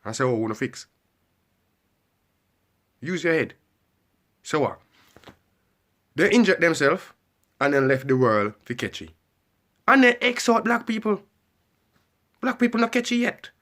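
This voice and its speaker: A man's voice: a little high, big pitch swings, a little slow, pauses often, a bit bright. A man delivering a heated, repetitive ranting monologue and pressing the listener with questions. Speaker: vlogger.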